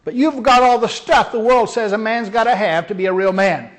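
A man's voice: high-pitched, fairly quick, lightly acted. A man preacher voicing a fearless young shepherd who speaks defiantly to a giant. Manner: defiant, confident.

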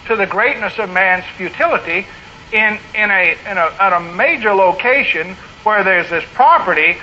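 A man's voice: high voice, expressive, moderate pace, sharp tone. A middle-aged man preaching a sermon in an earnest way that rises into emphatic bursts. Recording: slightly dull lo-fi recording with faint noise.

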